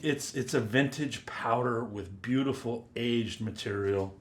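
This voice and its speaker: A man giving a casual, rambling first-impressions review of perfumes, chatty and drifting into quiet mutters as he sniffs. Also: lowish voice, measured pace, few pauses, a little hiss or hum. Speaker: fragrance reviewer.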